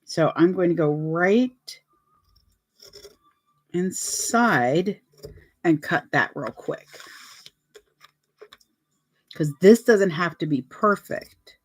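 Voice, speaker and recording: A woman's voice: on the low side, lively intonation, very slow, long pauses. A woman vlogger chatting casually and telling anecdotes while talking through her sewing steps.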